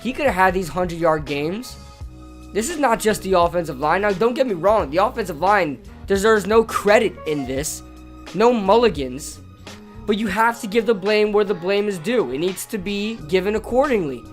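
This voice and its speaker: A man with a hoarse, strained voice, ranting casually about his football team as a sports vlogger, often repeating himself as he gets fired up. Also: sits high, expressive, normal speed, faint music behind. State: hoarse from yelling at a game.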